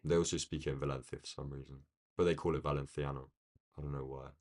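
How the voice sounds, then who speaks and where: A man with a London accent chatting casually on a live stream, rambling along and answering viewers' comments from a quiet room. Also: a bass voice, steady tone, fast. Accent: London English. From United Kingdom. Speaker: day-trading live streamer.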